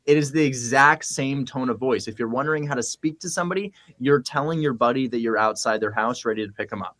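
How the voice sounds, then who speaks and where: Energetic, blunt man coaching. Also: mid-range voice, fast talker, hardly any pauses. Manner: energetic, blunt, swears freely. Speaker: real estate wholesaling coach. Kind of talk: casual chat, animated teaching.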